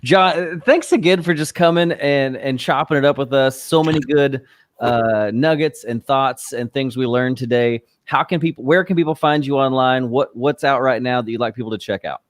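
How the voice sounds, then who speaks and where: A man's voice: mid-range voice, normal speed. A man co-hosting a podcast, thanking a guest and asking where to find him. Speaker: podcast co-host. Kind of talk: casual interview.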